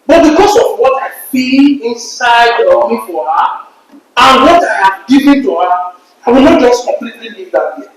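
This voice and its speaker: High-pitched emphatic man in echoey room. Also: expressive, moderate pace. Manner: emphatic, repeats words, storytelling. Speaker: podcast panelist. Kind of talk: casual debate.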